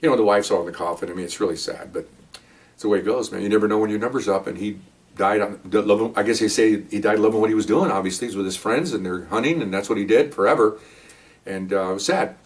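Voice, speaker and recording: An older man, a retired police officer, telling a story in a rambling, halting way, choked up at times. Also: on the low side, distant mic. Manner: rambling, halting, self-correcting. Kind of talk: casual storytelling monologue.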